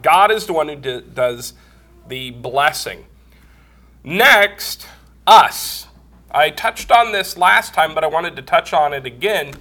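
A man's voice: fairly high pitch, bright, forceful tone. A man preaching a Bible lesson, explaining grammar step by step, congested and coughing from a cold. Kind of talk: Bible teaching sermon.

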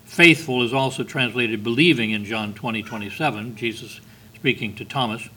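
A man's voice: mid-range voice, moderate pace, sharp tone, poor audio. An older man preaching a sermon, reading scripture with earnest, emphatic stresses.

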